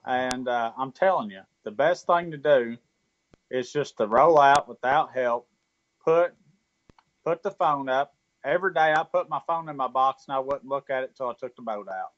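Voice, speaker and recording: A man's voice: mid-range voice, normal speed, fairly bright tone, no room sound, muffled recording. A man who fishes tournaments, talking easygoing and plainspoken in casual chat. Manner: easygoing, plainspoken, repeats "I'm telling you". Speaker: tournament angler guest host.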